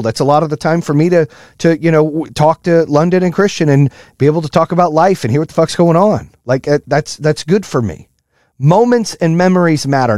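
Intense man ranting motivation, swears constantly; slightly high voice, dry recording. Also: darkish tone, dry recording. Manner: blunt, heavy swearing, fired-up. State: high-strung, wired. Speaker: motivational speaker. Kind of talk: profane motivational rant.

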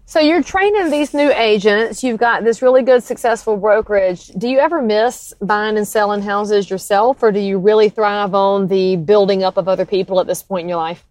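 A woman's voice: mid-range voice, moderate pace, few pauses, darkish tone, no room sound. A woman hosting a casual interview, chatting and asking follow-up questions. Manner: conversational, asks follow-up questions. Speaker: interview host.

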